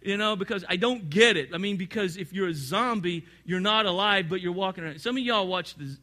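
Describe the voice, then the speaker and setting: A man preaching a sermon, talking straight to his congregation and swinging from quiet, low asides to loud, emphatic points. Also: fairly quick, hardly any pauses. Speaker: pastor.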